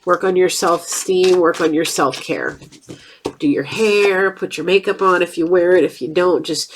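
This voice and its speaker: A woman's voice: on the low side, normal speed, a little hiss or hum. A woman giving a casual tarot reading, chatty and blunt, with a stuffed-up nose. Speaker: tarot reader.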